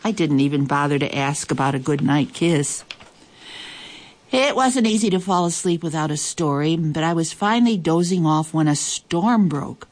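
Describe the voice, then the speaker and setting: A woman reading a children's story aloud in a lively, expressive way. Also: deep voice. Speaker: storybook reader.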